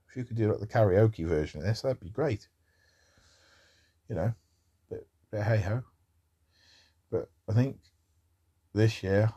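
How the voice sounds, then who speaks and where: A man's voice: low-pitched, dark tone, husky. A man talking in a rambling casual monologue about music, with wry asides.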